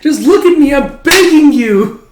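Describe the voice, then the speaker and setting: A man's voice: very high-pitched, animated, unhurried, echoey room, a little hiss or hum, pitched above the performer's own voice. A man voicing a little boy who whines and begs his father over and over. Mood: pleading, whiny. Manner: pleading, nagging repetition.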